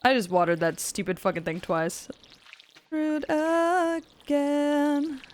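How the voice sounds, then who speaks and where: A woman's voice: lowish voice, brisk, slight background noise. A woman streamer chatting casually with her viewers while gaming, giggly and chatty, swearing often.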